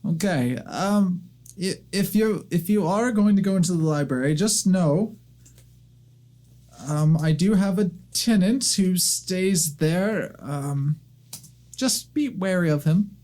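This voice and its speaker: A man's voice: high voice, animated, slow, darkish tone, voice pushed up. A man voicing a stern woman in her late sixties who keeps a temple, speaking in a clipped, curt way during a tabletop game.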